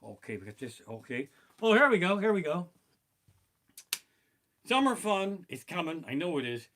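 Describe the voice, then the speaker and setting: A man performing a profane stand-up comedy set, streamed live from his living room, breaking into shouted bursts of panic. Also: a little high, very animated, moderate pace, slight background noise. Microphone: basic home streaming mic.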